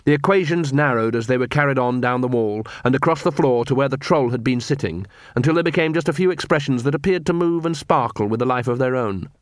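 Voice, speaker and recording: Steady male audiobook narrator, dry close sound. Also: mid-range voice, fast talker, few pauses, no room sound. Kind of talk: scripted narration.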